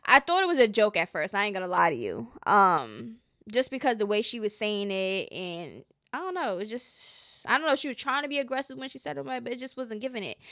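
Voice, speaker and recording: A woman's voice: mid-range voice, pushed and bright, no echo, studio quality. A woman hosting casual gossip commentary, chatty and slangy, often trailing off with hesitant asides.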